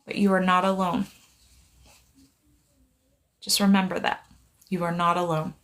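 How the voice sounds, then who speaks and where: A middle-aged woman, a psychic medium, talking gently and pleadingly into her phone on a live stream, reassuring a viewer in one side of a conversation. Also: fairly low pitch, little pitch movement, unhurried.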